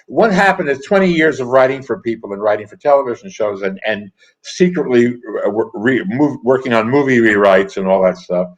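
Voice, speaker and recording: A man's voice: mid-range voice, animated. Older male guest, wry raconteur, dull lo-fi sound, casual interview storytelling. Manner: anecdotal, wry, quick asides with laughs. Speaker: guest, comedy writer and actor. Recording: dull lo-fi audio.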